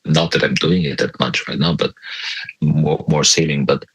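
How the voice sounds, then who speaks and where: Deep-voiced guy, bright and a bit husky, jokey, keeps restarting his sentences. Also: fairly even intonation, no room sound, low-quality recording. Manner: joking, halting with many restarts. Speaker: guest guitarist. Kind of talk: casual interview chat.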